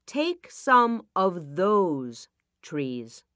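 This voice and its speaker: A woman's voice: on the low side, big pitch swings, drawn-out words, a bit bright, no echo, studio quality, pitched above the performer's own voice, exaggerated voice. A woman voicing a brave village woman who firmly and emphatically refuses to give up the trees. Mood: urging.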